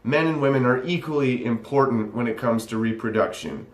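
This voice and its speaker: A young male vlogger reads a text aloud and rants at it sarcastically, swearing a lot and rambling. His voice is mid-range and fairly quick, and the room sounds echoey.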